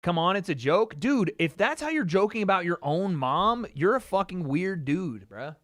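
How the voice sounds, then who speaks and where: A young man hosting a livestream, talking in a fairly high voice with loose, excitable energy. He swears freely and reacts on the fly. The sound is dry and close, with no room around it. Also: normal speed, no echo. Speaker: livestream host. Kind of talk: casual live fight-watching commentary.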